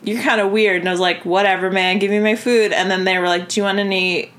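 A woman's voice: medium pitch, steady tone, fast talker, fairly bright tone. A woman co-hosting a podcast in casual chat, telling stories with frequent laughs and casual swearing. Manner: chatty storyteller, laughs often, swears casually. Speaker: podcast co-host.

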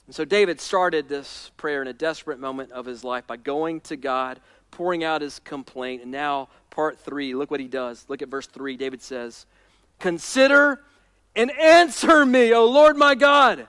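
A man's voice: medium pitch, fairly even intonation, normal speed, few pauses, fairly bright tone, smooth, no room sound. A man preaching a sermon, building intensity through repeated phrases. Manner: preaching with rising intensity and repetition. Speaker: pastor.

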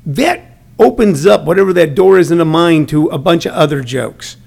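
A man's voice: a little high, normal speed, gravelly. A middle-aged man, a comedian who teaches comedy, chatting casually and acting out the people in his stories. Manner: animated storyteller, acts out quotes. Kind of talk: casual chat.

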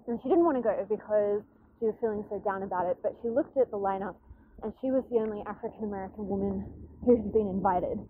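A woman, host of a casual podcast, tells a long story in a loose, rambling way, full of "like" and "anyway". Her voice sits a little high and comes through a thin, phone-like recording with a faint hiss behind it. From Australia. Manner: chatty, rambling with many fillers and restarts. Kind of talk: casual chat, retelling a story. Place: outdoors in a city, planes overhead. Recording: tinny phone-like recording, faint background noise.

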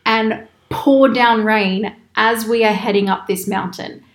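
Woman, casual storyteller, lively quoted voices, slightly high pitch, roomy echo. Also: takes it slowly. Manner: animated, quotes people in raised voices, laughs often. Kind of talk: casual anecdote telling. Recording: echoey room.

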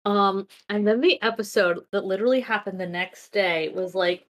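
A woman's voice: mid-range voice, moderate pace. A woman co-hosting a casual podcast chat, delivering dry, sardonic quips. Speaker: podcast co-host.

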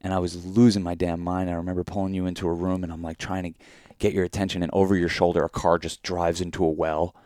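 A man co-hosting a podcast, telling a vivid dream in animated, casual chat full of fillers. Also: sits low, fast talker, no room sound, clean studio sound. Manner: animated storytelling with many fillers. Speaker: podcast co-host.

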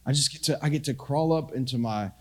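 A middle-aged male pastor giving a conversational sermon, casual and self-deprecating, swinging between hushed and loud delivery. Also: mid-range voice, quick pace.

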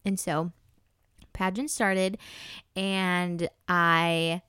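A woman's voice: on the low side, level tone, very slow, a bit bright, smooth, no echo, clean studio sound. A young woman from North Dakota hosting a podcast, telling a personal story in a chatty, earnest and emotional way. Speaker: podcast host. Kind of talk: casual storytelling.

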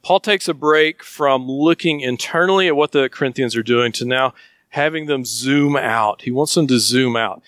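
A man's voice: mid-range voice, normal speed, a bit bright, clean tone, dry recording, clean studio sound. A man with a Southern US accent preaching a sermon as a pastor, earnest and emphatic, often asking questions.

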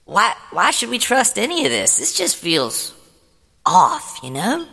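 A man's voice: extremely high pitch, wildly swooping pitch, a little slow, gravelly, pushed and bright, long reverb tail, pitched above the performer's own voice, full character voice. A man voicing a skeptical, dismissive friend who refuses firmly.

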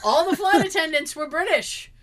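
A woman with a high, lively voice tells a story in casual chat. Her tone is bright and forceful, and she acts out every quoted line. She laughs a lot as she goes. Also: moderate pace, a little hiss or hum. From Belgium.

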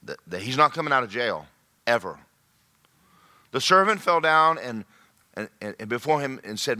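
A male pastor, preaching a sermon in an animated way that swings from loud to hushed. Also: mid-range voice, normal speed.

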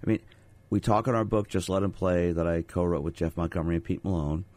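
A middle-aged man with a lowish voice hosts a radio talk show as a sports psychologist. He speaks in a conversational, storytelling way and asks the audience rhetorical questions. The studio sound is dry and close. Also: fast talker, darkish tone, dry recording. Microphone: studio microphone.

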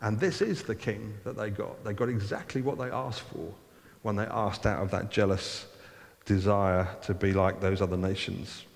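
A man's voice: lowish voice, steady tone, moderate pace, creaky, long reverb tail. A man reading a Bible passage aloud as a preacher, stopping often to comment in a casual, conversational way. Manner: reads scripture then breaks off to comment conversationally.

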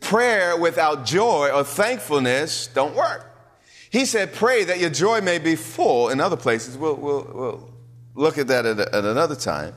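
Animated preacher man in a reverberant hall. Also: fairly high pitch, unhurried. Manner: animated preaching with rhetorical questions to the congregation. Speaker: pastor. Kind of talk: sermon. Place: church hall.

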